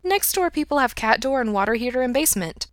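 A woman's voice: on the high side, lively intonation, quick pace, no room sound, clean studio sound, voice pushed up, natural voice. A woman voicing an aloof, blunt house cat in a clipped manner. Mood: dismissive. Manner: curt, clipped speech.

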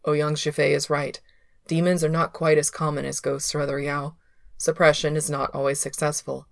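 A woman voicing a reserved male cultivator of few words who speaks low, quietly and evenly. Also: flat delivery, normal speed, gravelly, dry recording. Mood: calm.

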